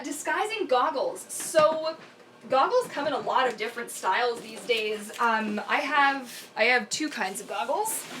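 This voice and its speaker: A woman's voice: a little high, slight background noise. Chatty young woman live-streaming. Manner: chatty and animated, laughs often, thinks aloud. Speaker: mermaid performer hosting a live Q&A. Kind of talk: casual live-stream chat.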